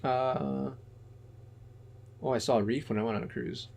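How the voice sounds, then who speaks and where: A man's voice: medium pitch, fairly even intonation, normal speed, vocal fry, darkish tone, a little hiss or hum. A young man co-hosting a casual podcast, laid-back and dry, swearing often. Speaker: podcast co-host. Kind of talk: casual chat.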